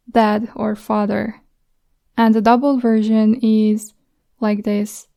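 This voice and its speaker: A woman runs a slow, deliberate pronunciation lesson, sounding out each letter and word more than once. Her voice is fairly high and mellow, with a gravelly edge, and stays in a narrow, flat range. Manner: slow, careful pronunciation drills with repeated examples. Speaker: language teacher. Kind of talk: language lesson.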